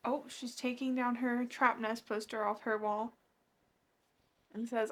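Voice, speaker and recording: A woman's voice: on the high side, level tone, measured pace, a bit bright. Gushing woman recapping a manga. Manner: gushing, emotional reactions. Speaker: book vlogger. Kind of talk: casual reading vlog, recapping a manga.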